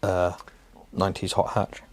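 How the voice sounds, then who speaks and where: A man's voice: low voice, completely flat delivery, measured pace. A young man co-hosting a casual car podcast, chatty and enthusiastic, laughing often. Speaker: podcast co-host. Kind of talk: casual chat.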